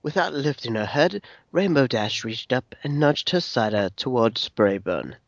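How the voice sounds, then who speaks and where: A man narrating a fan story aloud in an expressive storytelling manner. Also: medium pitch, a little slow, dry recording. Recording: dry, dull lo-fi sound.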